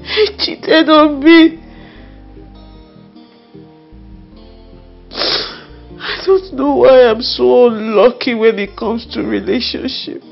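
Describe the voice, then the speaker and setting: A woman's voice: fairly high pitch, slow pace, creaky, muffled recording, faint music behind, full character voice. An actress playing a heartbroken young woman who cries over a cheating boyfriend, with a Nigerian accent. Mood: crying. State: crying. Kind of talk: Nollywood film acting.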